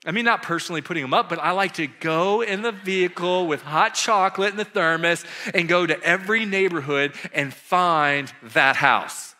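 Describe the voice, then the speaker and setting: A pastor in his thirties tells a story to his congregation, his voice sitting high for a man. It is a very bright, cutting voice that drops to hushed asides and then bursts out loud. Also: normal speed, few pauses. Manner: animated, swings between hushed and shouted. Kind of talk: storytelling sermon.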